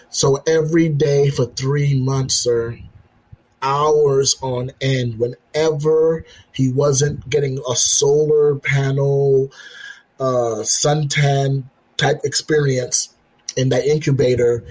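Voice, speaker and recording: A man, a military veteran and father, telling his story as a podcast guest in an earnest, halting way, repeating himself and acting out the dialogue. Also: mid-range voice, breathy edge, rough recording. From United States. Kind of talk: personal storytelling in an interview.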